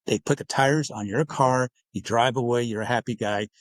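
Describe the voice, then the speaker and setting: A man's voice: mid-range voice, normal speed, no echo. A man being interviewed as an author on a podcast, explaining his points at length and acting out bits of dialogue. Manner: explanatory, acts out dialogue in quotes. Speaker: guest author.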